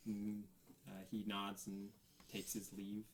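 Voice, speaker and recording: A man narrating a tabletop game as game master, slow and full of hesitant fillers. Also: fairly low pitch, monotone, reverberant, slight background noise, rough recording.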